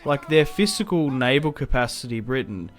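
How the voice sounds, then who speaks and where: Young male gaming host, relaxed chatty play-by-play, average pitch, quiet game music underneath. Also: moderate pace. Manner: chatty, reacts loudly to setbacks, self-mocking laughs. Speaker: gaming YouTuber. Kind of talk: casual gameplay commentary.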